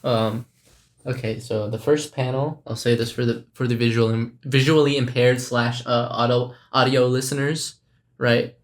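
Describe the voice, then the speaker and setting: A man's voice: mid-range voice, steady tone, moderate pace. A man co-hosting a podcast in casual chat, rambling and hesitant with lots of fillers and restarts. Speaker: podcast co-host.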